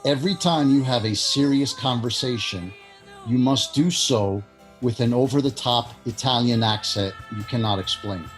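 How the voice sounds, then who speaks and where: A man's voice: mid-range voice, moderate pace, soft background music. A man co-hosting a podcast in casual chat, playful and teasing, reading out game scenarios and laughing easily. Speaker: podcast co-host.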